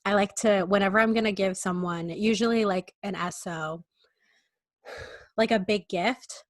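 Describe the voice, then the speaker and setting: A woman's voice: mid-range voice, fairly even intonation, normal speed, no echo. A young woman co-hosting a podcast, chatting casually and telling stories in a playful, teasing way with fillers. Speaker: podcast co-host. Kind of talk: casual chat.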